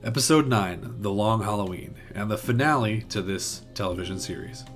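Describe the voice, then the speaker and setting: Guy with a lowish voice walking thru a plot recap, quiet music behind. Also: moderate pace. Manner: steady recap narration with small restarts. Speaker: video essay host. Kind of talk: reading a plot outline.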